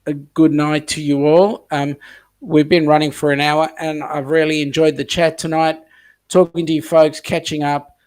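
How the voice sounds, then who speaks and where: A man's voice: a little high, flat delivery, normal speed, a little mellow. A man with an Australian accent hosting a casual livestream chat, rambling with many ums and reading viewer comments aloud. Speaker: host of a cruise chat livestream.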